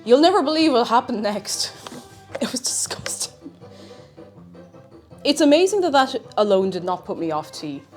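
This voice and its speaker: Woman streamer, casual cooking chat, animated pitch, slightly crackly voice, faint music behind. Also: a little fast, hardly any pauses. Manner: chatty and playful, bursts into silly singing. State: slightly crackly voice after illness.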